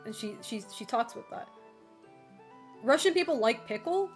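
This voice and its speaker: A woman's voice: on the high side, expressive, moderate pace, soft background music. A young woman livestreaming, chatting casually and rambling with lots of fillers, casual swearing and frequent laughter. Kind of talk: casual chat while streaming.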